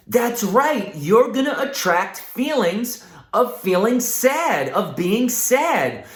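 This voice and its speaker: A man teaching a class for children in a lively, encouraging way, often asking the listener questions and having them repeat phrases. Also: sits high, roomy sound.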